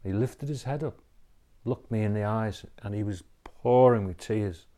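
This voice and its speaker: An inspirational speaker shares a personal story in an earnest, reflective way, often adding "you know" and "okay?". His voice is on the low side and dark in tone, at a moderate pace.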